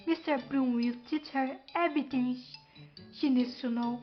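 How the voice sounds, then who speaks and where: A woman's voice: high-pitched, fairly even intonation, measured pace. A woman putting on a gleeful, mocking trickster. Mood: gleefully mocking. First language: Portuguese. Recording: muffled with faint music.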